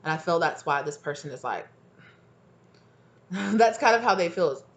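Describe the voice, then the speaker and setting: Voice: medium pitch, lively intonation, normal speed, muffled recording. A tarot reader giving a casual reading to viewers, talking in a chatty, emphatic, slangy way, acting out the people being described and mumbling asides over the cards.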